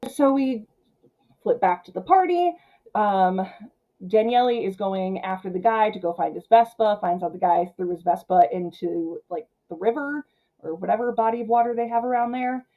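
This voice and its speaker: A woman hosting a casual film recap, chatty and full of filler words, who acts out the characters' lines in quick paraphrase. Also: medium pitch, phone-quality sound. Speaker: film channel host.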